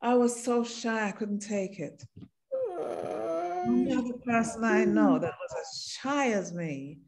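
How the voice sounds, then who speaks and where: A woman with a Jamaican accent, a singer guesting on a podcast, telling a story in an animated way, laughing and acting out voices. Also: fairly high pitch, slow, a crowd in the background.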